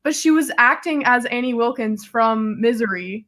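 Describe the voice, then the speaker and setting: A young woman co-hosting a casual livestream chat, telling stories in an animated, lively manner. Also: a little high, normal speed. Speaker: livestream co-host.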